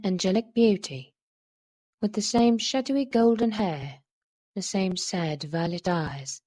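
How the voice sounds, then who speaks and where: A woman reading a classic horror story aloud, with a measured, dramatic delivery. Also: medium pitch, dark tone. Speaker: audiobook reader.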